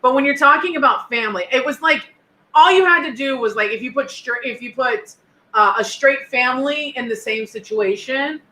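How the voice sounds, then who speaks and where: A woman's voice: sits high, normal speed, bright, forceful tone, reverberant, poor audio. A woman co-hosting a casual chat, talking in an earnest, reflective way and often checking in with "you know what I mean.". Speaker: co-host.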